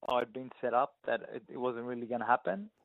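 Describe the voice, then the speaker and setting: A man's voice: medium pitch, fast, no room sound. An Australian man in his thirties, a boxer telling stories in an interview, often saying "you know what I mean". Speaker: guest boxer. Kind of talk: casual interview storytelling. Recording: dry tinny phone-like sound.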